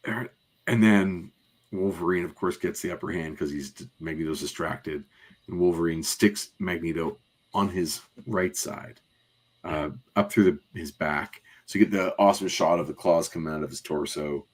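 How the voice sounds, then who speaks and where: This podcast co-host, a man with a low-pitched voice, talks at a moderate pace. He gives a casual, detailed scene-by-scene recap that wanders, full of fillers like "um" and side comments.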